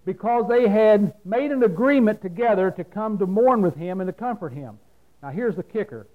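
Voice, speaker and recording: A man's voice: high-pitched, animated, moderate pace, narrow, tinny audio. A man preaching a sermon in a folksy, plain-spoken way, asking his listeners questions and answering them himself.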